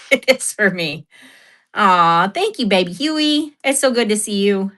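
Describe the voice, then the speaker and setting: A woman hosting a relaxed livestream, chatting straight to her viewers. She tells stories in a loose, talkative way, laughs often, and answers the chat as she goes. Her voice sits at an ordinary middle pitch for a woman. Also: a little slow. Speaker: livestream host.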